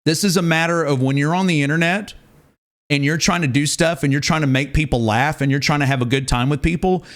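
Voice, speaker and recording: A man's voice: fairly high pitch, fairly quick. A male streamer chatting live, ranting emphatically and repeating words for effect. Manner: animated, ranting, emphatic repetition.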